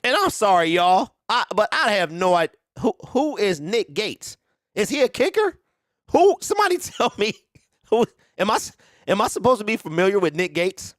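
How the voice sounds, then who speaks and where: Giggling high-voiced man on a sports show. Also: big pitch swings, moderate pace, fairly bright tone, no room sound, clean studio sound. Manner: laughs constantly, repeats words, loose and chatty. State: laughing hard, sweaty. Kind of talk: casual sports talk.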